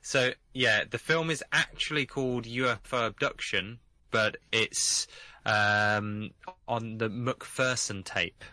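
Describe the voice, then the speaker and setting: A man's voice: mid-range voice, slow, sharp tone. A man chatting eagerly on a live stream, keen to share what he has found. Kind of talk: casual chat on a live stream.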